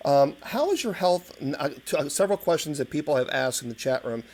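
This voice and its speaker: A man's voice: fairly high pitch, expressive, brisk, a little mellow. A man hosting an interview, speaking hesitantly with many restarts as he comments and asks questions. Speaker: interview host.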